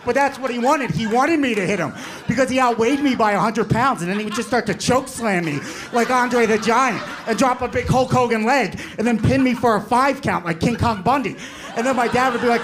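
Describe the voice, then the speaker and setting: A man in his forties doing a stand-up comedy set, telling a story in an animated way and shouting when he voices characters. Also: extremely high pitch, fairly quick, crowd noise. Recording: live club with audience laughter. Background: audience laughing.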